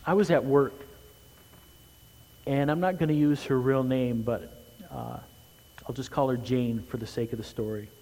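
Earnest male pastor in a reverberant sanctuary. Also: fairly even intonation. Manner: earnest, swells loud and quick for emphasis then drops low and quiet. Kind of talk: sermon. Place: church sanctuary. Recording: long hall reverb.

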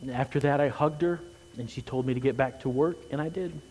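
A man preaching a sermon as pastor, earnest, rising loud and quick for emphasis, then dropping low and quiet. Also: a little hiss or hum. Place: church sanctuary. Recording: long hall reverb.

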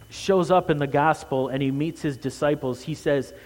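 In a church sanctuary with long hall reverb, a pastor delivers an earnest sermon. His voice rises loud and quick for emphasis, then drops low and quiet.

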